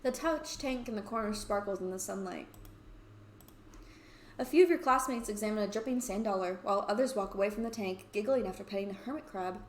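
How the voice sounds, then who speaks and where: Young woman reading a story game out loud, kinda sarcastic, roomy echo. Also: medium pitch, brisk, a little hiss or hum. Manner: wry, sarcastic asides. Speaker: let's play host. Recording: roomy echoey room.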